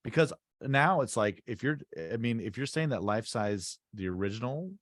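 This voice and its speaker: A man's voice: mid-range voice, expressive, normal speed, fairly bright tone, dry recording, clean studio sound. A man co-hosting a podcast, steering the talk and chiming in with short replies. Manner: steering the segment, brief backchannels. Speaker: podcast co-host. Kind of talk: casual podcast chat.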